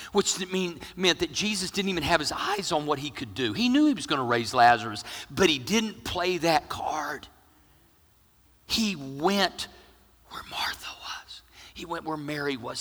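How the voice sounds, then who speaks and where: Man preaching a lively sermon in a hall. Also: fairly high pitch. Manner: animated, jokey preaching, swinging from loud to hushed. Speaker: pastor.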